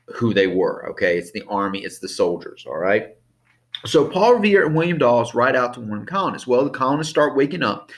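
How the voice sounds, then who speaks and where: Guy teaching history off slides, chatty, keeps tossing in "okay?", average pitch. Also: fairly bright tone. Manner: conversational, keeps checking in with "okay?" and "all right?". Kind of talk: classroom history lecture over slides.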